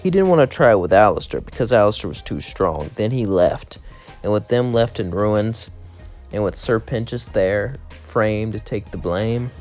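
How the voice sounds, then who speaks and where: A man with a somewhat low voice talks straight to his viewers in a loose, casual monologue. He is blunt and opinionated, pressing his points with emphasis. Faint music plays underneath. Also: expressive, moderate pace, darkish tone. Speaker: channel host.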